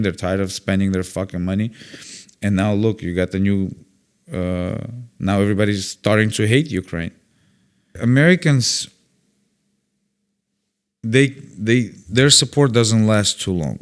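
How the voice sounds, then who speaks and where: A man's voice: on the low side, normal speed, pauses often, clear, resonant tone. A man, a comedian guest, telling stories in casual conversation, blunt and opinionated, acting out other people's lines and swearing freely. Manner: animated storyteller who acts out quoted voices and swears freely.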